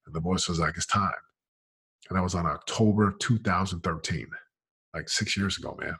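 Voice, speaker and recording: A man, a business coach, telling his story in a casual, energetic way, full of "man" and "like", swinging between loud excitement and quiet murmurs. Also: low voice, moderate pace, vocal fry, breathy edge. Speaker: business coach, interview guest.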